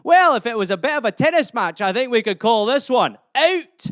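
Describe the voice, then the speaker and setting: A man's voice: very high-pitched, lively intonation, normal speed, a bit bright, clean tone, dry recording, studio quality. A man voicing a chatty Scottish man who rambles through made-up sayings, cheerfully insulting his listener. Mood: cheeky.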